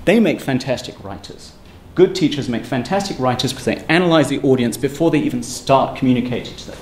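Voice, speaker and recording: Man, academic seminar speaker, quick and emphatic, roomy lecture hall with faint hum. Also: mid-range voice, expressive. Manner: brisk, emphatic, conversational lecturing. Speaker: university lecturer giving a seminar. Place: lecture room. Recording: echoey room with faint ambient noise.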